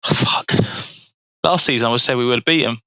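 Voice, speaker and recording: A man with a gravelly, bright-edged voice and a dry, close sound. He trades exasperated banter about his team on a football podcast, swearing freely. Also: medium pitch, brisk, no echo. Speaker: podcast co-host, Spurs fan. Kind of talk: casual football chat.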